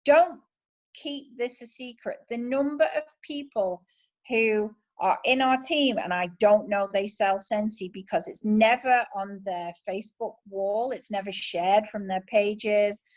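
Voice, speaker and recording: A woman's voice: mid-range voice, a little slow, darkish tone, muffled recording. A woman with a British accent giving an enthusiastic, chatty motivational talk as a sales team leader. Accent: British English.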